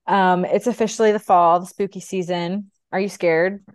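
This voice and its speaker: A woman from the Midwest co-hosting a podcast in casual chat, playful and quick to laugh. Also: on the low side, steady tone, no room sound, clean studio sound. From American Midwest. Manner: playful, laughing, riffs on wordplay.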